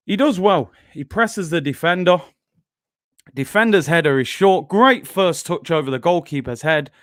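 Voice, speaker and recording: A male football fan talks viewers through match replays in a loose, animated way, calling out to his audience as he goes. His voice sits a little high for a man. The recording is close and dry. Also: dry recording. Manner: chatty, animated, keeps addressing viewers as "people". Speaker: football channel host. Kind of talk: casual fan commentary over match replays.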